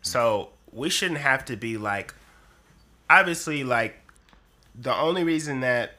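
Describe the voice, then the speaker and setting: A man's voice: mid-range voice, expressive, takes it slowly, bright, forceful tone. A man co-hosting a podcast, talking casually and hesitantly with many filler words.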